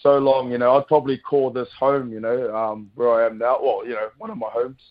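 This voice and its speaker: A man's voice: medium pitch, a little fast, highs cut off. A man, a rugby player chatting as a guest in an easygoing way, his voice a little worn from celebrating. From New Zealand. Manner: relaxed, laughing, says mate often. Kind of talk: casual radio chat.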